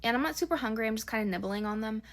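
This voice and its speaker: Fast-talking young woman telling a story. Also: a little high. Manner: chatty, exasperated retelling with lots of "like". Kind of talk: casual storytime.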